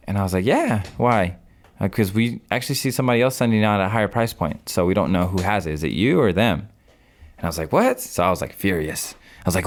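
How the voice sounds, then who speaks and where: Young man, deep low voice, casual podcast storytelling, acts out his own calls. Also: expressive, quick pace. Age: 20s. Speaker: podcast guest, real estate investor.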